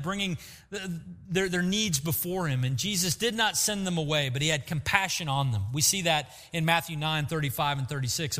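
A man preaching a sermon as pastor, lively and acting out quotes to make his points. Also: high voice. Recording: long hall reverb.

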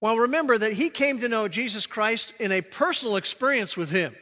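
Bright-voiced preacher in a reverberant hall. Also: male voice, sits high, expressive, a little fast. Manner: earnest, drops to a soft hush on key phrases. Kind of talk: sermon.

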